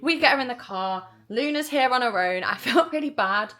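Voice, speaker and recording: A woman's voice: a little high, moderate pace. A woman telling a story to camera in a chatty vlog, full of "like" and acted-out dialogue. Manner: chatty, animated, lots of "like" and quoted dialogue. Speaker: vlogger.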